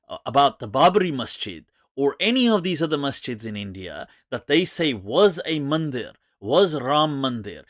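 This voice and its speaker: A man hosting a live Islamic Q&A stream, talking in an animated, sarcastic and mocking way. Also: mid-range voice, no echo, clean studio sound.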